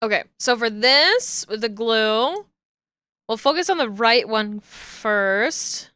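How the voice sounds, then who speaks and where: A woman's voice: fairly high pitch, lively intonation, takes it slowly, pushed and bright, smooth, no room sound, studio quality. A woman streamer chatting casually while she works, thinking aloud and correcting herself as she goes. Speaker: streamer rigging a 3D model. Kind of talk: casual chat while working.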